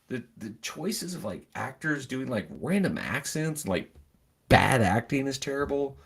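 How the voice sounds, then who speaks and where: A man's voice: mid-range voice, sing-song, unhurried, gravelly, a bit bright, slightly rough. A man hosting a casual livestream chat, talking in a rambling, filler-heavy way. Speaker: host.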